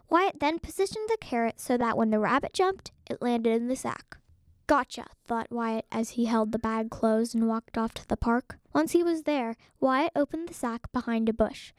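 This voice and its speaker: A woman narrates a children's storybook in a clear, expressive way. Her voice is somewhat high. The sound is dry and close, with no room. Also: dry recording.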